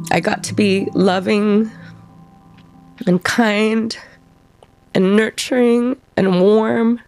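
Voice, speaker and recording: A woman telling her own story in an interview, reflective and halting, often pausing to find her words. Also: mid-range voice. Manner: reflective, halting, soft-spoken. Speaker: interviewee, former prison firefighter. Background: soft music.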